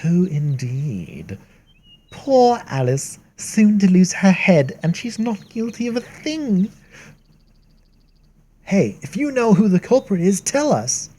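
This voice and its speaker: A gameplay streamer voicing a sly cat who speaks in slow, teasing riddles. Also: mid-range voice, sing-song, dark tone, pitched above the performer's own voice. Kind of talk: fan voicing of game lines.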